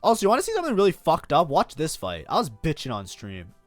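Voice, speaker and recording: Fast and on the high side, this man's pitch swoops wildly as he dissects his own match on stream, with faint music and no room sound. Casual gameplay commentary full of swearing and frustrated outbursts, he talks constantly and is hard on himself.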